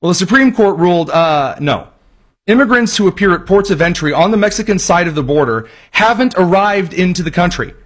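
A man's voice: sits high, lively intonation, fairly quick. A man hosting a political talk show, delivering a sarcastic, mocking monologue. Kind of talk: opinion monologue.

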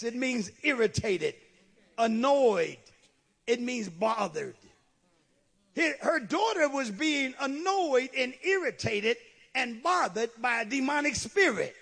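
A man preaching a sermon, swinging from shouted lines to low asides. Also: animated, normal speed, creaky, husky. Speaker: pastor.

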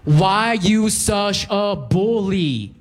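Casting: bratty high-pitched teen girl with braces, done by a male comedian, slangy and scolding. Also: lively intonation, drawn-out words, soft background music, full character voice. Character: sassy teenage girl cashier with braces.

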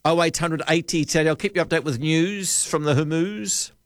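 Rambling New radio host, dry studio sound. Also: male voice, fairly high pitch, moderate pace, dry recording. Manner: rambling, jokey, thinks aloud. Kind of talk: casual radio chat. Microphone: studio microphone.

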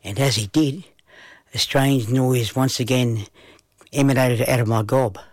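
A man telling a children's story in an unhurried storytelling manner. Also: medium pitch, no room sound.

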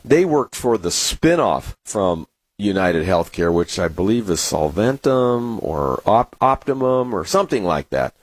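Deep-voiced and a bit slow, with wide swings in pitch, he's a San Diego market commentator chatting casually to camera. He rambles through stories loaded with "uh"s, and the recording is dry.

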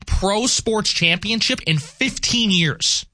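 A man with a New York accent, talking sports as a radio co-host in an animated, enthusiastic way. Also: high voice, takes it slowly, dry recording, studio quality.

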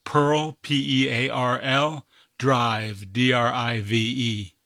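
A man's voice: mid-range voice, little pitch movement, takes it slowly, bright, forceful tone, no echo. A man hosting a radio word puzzle, spelling out each word letter by letter and encouraging the player. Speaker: puzzle master.

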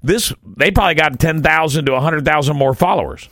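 A man from Southwest Florida hosting a talk radio show, bantering in an animated, joking way. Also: fairly high pitch, a little fast, no echo, clean studio sound. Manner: animated, chants a catchphrase, joking. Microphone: studio microphone.

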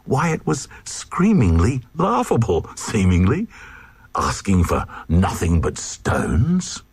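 A man's voice: low-pitched, wildly swooping pitch, slow pace, darkish tone, husky, dry recording. A man giving a dramatic reading of a comic verse tale in a rhythmic, sing-song delivery. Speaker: reader.

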